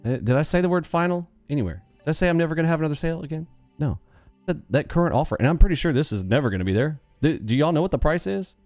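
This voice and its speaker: A man's voice: a little high, animated, very fast, few pauses, a little mellow, no echo, faint music behind. A man hosting a day-trading live stream, brashly mocking and talking back to his chat.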